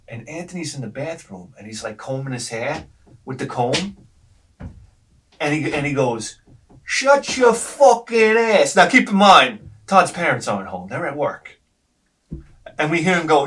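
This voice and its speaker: A man's voice: on the high side, distant mic. A man in his forties, a retro gaming host, telling rambling childhood stories with lots of swearing and laughter. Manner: animated, swears freely, laughs at own stories. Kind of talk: rambling anecdotal storytelling.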